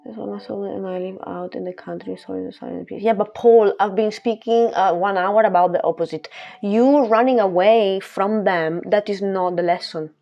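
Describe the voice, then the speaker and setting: A woman's voice: mid-range voice, steady tone, normal speed, vocal fry, muffled recording, faint music behind. A woman speaking as a spiritual coach in a casual monologue, emphatic and repetitive, laughing between phrases.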